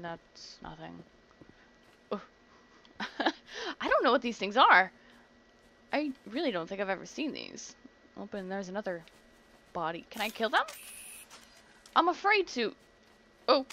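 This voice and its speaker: A young woman chatting through a video game playthrough, excitable and easily grossed out, recorded at home. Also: a little high. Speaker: gameplay commentator. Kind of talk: let's play commentary. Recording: audible background noise.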